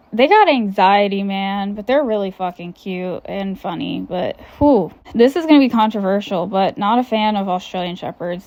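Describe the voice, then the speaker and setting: A young woman, hosting a casual chat podcast, candid and quick with asides, swearing freely. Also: mid-range voice, darkish tone. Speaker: podcast host.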